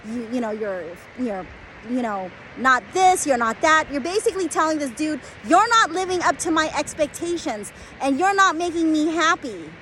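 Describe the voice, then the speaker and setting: A woman's voice: sits high, a bit bright, a little hiss or hum, low-quality recording. A woman in her forties, an acupuncturist, giving blunt, emphatic advice through a conversational story.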